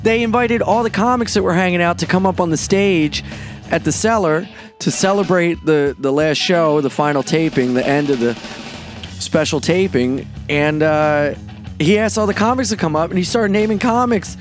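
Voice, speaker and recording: A man hosting his own podcast, a comedian talking in a brash, profane, excitable monologue. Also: high voice, normal speed, faint music behind. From Delaware. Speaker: podcast host and stand-up comedian.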